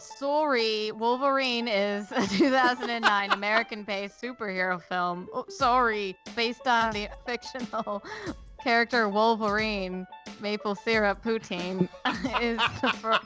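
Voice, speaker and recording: A woman's voice: a little high, pushed and bright, full character voice. A woman putting on a cheap Canadian voice to read movie stats, giggling and apologizing as she goes. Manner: keeps breaking into giggles, chirpy apologies. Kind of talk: comedy podcast bit.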